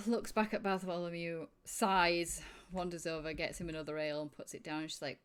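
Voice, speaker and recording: Casting: woman game master, lowish voice, casual, hedgy storytelling. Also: flat delivery, normal speed, clear, resonant tone. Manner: casual, hedging with "kind of, like". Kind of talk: tabletop game narration.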